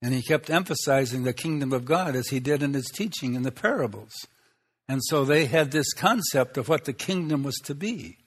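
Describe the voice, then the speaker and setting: Man preaching an unhurried sermon. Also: medium pitch. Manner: unhurried teaching with pauses and rhetorical questions.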